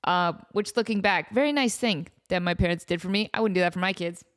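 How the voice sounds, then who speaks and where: A woman in her thirties hosting a podcast in casual chat, animated and joking at her own expense. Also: lowish voice, fast. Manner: animated, self-mocking, joking. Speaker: podcast host.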